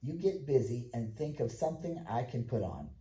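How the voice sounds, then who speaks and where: Male narrator as a steady teenage brother, roomy echoey sound. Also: mid-range voice, normal speed, close to an everyday voice. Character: teenage boy, sensible eldest brother. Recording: echoey room.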